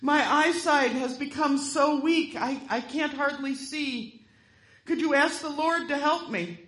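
Lady minister doing a stingy grumpy guy, squeaky high and whiny, echoey church. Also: unhurried, fairly bright tone. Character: stingy, indignant middle-aged man.

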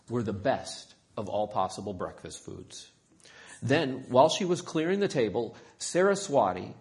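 A man reading a children's story aloud in an expressive storytelling manner. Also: on the low side.

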